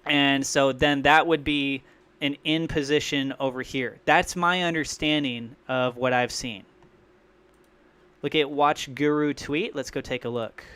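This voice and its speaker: A man hosting a crypto livestream, rambling and thinking out loud in an excitable way. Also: medium pitch, a little slow, smooth. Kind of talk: live-streamed crypto commentary.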